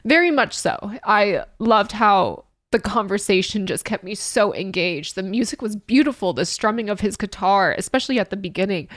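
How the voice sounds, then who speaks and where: A woman giving heartfelt reaction commentary on a song, tearful and emotional, halting with small laughs and sighs. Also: medium pitch, no room sound, clean studio sound. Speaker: music reaction YouTuber.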